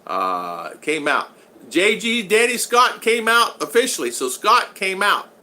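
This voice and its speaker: A man's voice: high-pitched, very animated, a little slow, sharp tone. An older man telling rambling stories and answering his live chat, with many restarts and fillers. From United States. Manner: rambling anecdotal storyteller with frequent restarts. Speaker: vlogger reading live chat. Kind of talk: casual livestream chat.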